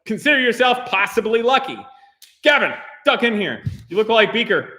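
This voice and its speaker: The host of a car channel, a man with a high voice, runs a live stream from a workshop garage at normal speed. He talks with his crew in an animated, joking way and laughs often.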